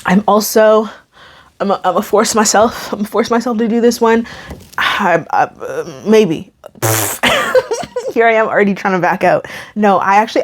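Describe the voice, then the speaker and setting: A young woman YouTube creator chatting casually to camera, emphatic and often restarting her sentences. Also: medium pitch. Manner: chatty, emphatic, self-interrupting.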